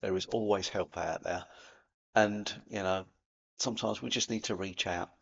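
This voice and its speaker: A man with a Cockney accent giving an earnest, gently encouraging spiritual talk to camera, in a matey way. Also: lowish voice, fairly even intonation, normal speed, gravelly, lo-fi sound. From London, England. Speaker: spiritual video host.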